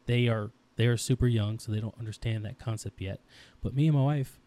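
A man's voice: mid-range voice, brisk, mellow. A man in his thirties co-hosting a casual podcast, talking intensely about his daughters with frequent restarts. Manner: rambling, intense, restarts often. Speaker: podcast co-host.

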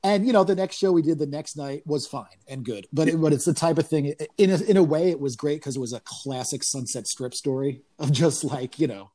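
A man with a somewhat high voice tells comedy tour stories in loose podcast chat. He swears freely and laughs through his own lines. When he quotes people, his pitch leaps upward. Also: fairly quick, hardly any pauses. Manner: profane, animated storytelling with laughs.

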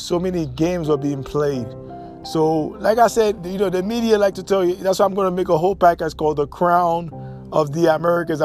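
A man's voice: a little high, darkish tone. A Haitian man hosting his own podcast, talking in an emphatic, repetitive monologue full of restarts. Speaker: podcast host.

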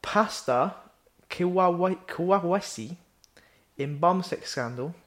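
A man's voice: high voice, takes it slowly, fairly bright tone. A man, telling a funny story to his friends on a podcast. His talk is loose and full of slang. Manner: storytelling, uses slang like innit. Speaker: podcast co-host. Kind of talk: casual banter.

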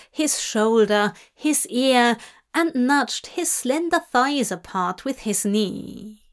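A woman narrating a fanfiction audiobook in a steady, measured reading voice. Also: fairly high pitch. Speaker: audiobook reader.

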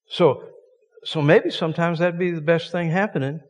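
A man's voice: a little high, moderate pace, in a large hall, muffled recording. A man preaching a sermon as a visiting preacher, folksy and joking with emphatic points.

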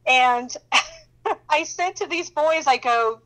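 A woman telling a faith testimony in a casual, animated way, often laughing and acting out what people said. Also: high-pitched, takes it slowly, low-quality recording. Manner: animated storyteller who laughs often and acts out dialogue. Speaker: Christian counselor sharing her testimony.

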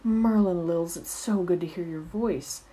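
Woman reader as a tired, hesitant teenage boy, low and mellow, storybook read-aloud. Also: measured pace, lightly acted. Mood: relieved. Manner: hesitant, mumbling. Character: tired, guarded teenage schoolboy.

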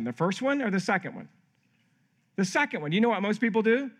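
A middle-aged man preaching a sermon as pastor at a camp, lively and acting out quoted voices. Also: high-pitched, fairly quick. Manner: animated, acts out quoted voices. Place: camp meeting hall.

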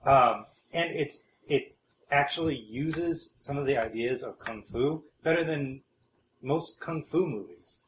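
A man weighing his opinions slowly on a casual movie podcast, pausing and hedging with ums as he talks. His voice sits at an ordinary pitch and rings in an echoey room over faint background noise. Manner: hesitant, thinks aloud with many ums. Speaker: podcast co-host. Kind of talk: casual film discussion.

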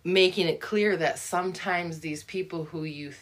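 A woman's voice: fairly low pitch, steady tone, moderate pace. A woman talking through a book in a casual, thoughtful discussion, often restarting her sentences. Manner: thoughtful, musing, many restarts and fillers.

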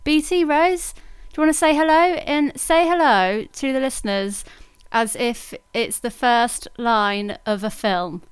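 A woman's voice: fairly high pitch, a little slow, few pauses, clean tone, no echo. A woman hosting a casual podcast chat, playful and leading the questions. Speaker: podcast host.

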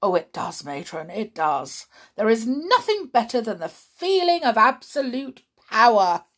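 A woman's voice: a little high, big pitch swings, measured pace. A woman doing a gloating cruel headmaster. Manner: boastful, cackling. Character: cruel gloating male headmaster who loves power.

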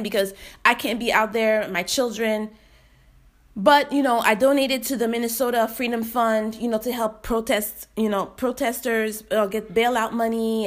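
Young woman ranting, fired up and blunt, cussing a lot, voice a little high. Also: a bit bright. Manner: heated, blunt, swears freely. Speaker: commentator. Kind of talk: impassioned personal commentary.

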